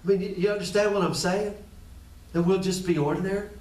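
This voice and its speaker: A man's voice: sits high, steady tone, fast talker, darkish tone. A man preaching a sermon as pastor, conversational, repeating phrases and speaking straight to his listeners. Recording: echoey room, distant from the mic.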